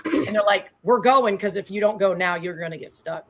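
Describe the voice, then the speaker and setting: A woman in her thirties, a guest telling lively stories in a slangy, animated way with loud excited peaks. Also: mid-range voice, brisk, a crowd in the background. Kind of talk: casual storytelling on a show.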